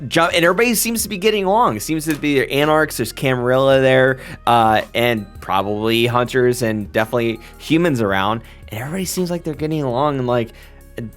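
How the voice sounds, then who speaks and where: A man narrating a tabletop role-playing game as game master, halting often to search for words. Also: mid-range voice, fairly bright tone. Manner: halting, full of fillers and restarts.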